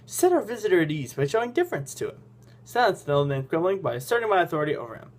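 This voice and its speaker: A man's voice: on the high side, very animated, racing. A man hosting a game channel, reading a story game aloud in a goofy, self-mocking way.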